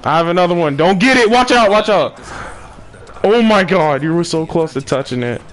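A young man chatting and swearing loudly while playing an online game with friends. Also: high voice, animated, moderate pace. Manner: loud, swearing, teasing. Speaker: player. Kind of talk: casual game chat.

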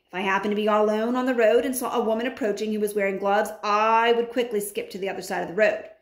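A woman reading a children's novel aloud with expressive delivery, breaking in with chatty asides. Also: mid-range voice. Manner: animated, adds chatty comments. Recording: roomy echo.

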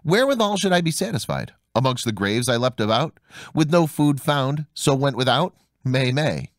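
Guy doing a spiteful little nanny goat, bleaty sing-song rhymes, lots of pitch swing. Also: animated, normal speed, dry recording, clean studio sound, close to an everyday voice. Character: wicked lying nanny goat, sly and spiteful.

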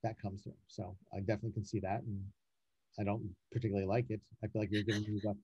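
A man, a casting director and writer, talking in a casual interview, animated and emphatic, often repeating words to stress a point. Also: fairly low pitch, quick pace, slightly rough, dry recording, highs cut off.

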